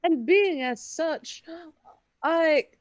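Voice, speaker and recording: A woman's voice: sits high, lively intonation, very slow, no echo. A woman player at a tabletop game, speaking in a mock-formal, polite bargaining way. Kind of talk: in-character tabletop play.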